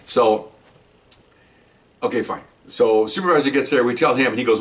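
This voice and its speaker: Older man, retired police officer, casual storytelling, animated quoted voices, slightly distant mic. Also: moderate pace, pauses often. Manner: animated, acts out quoted dialogue with higher pitch. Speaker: retired police veteran telling stories.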